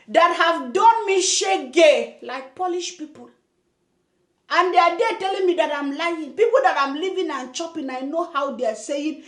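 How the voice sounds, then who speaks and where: A woman giving animated, emphatic commentary to camera as a vlog host, ranting with slangy asides. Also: high-pitched, roomy sound. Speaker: vlogger host.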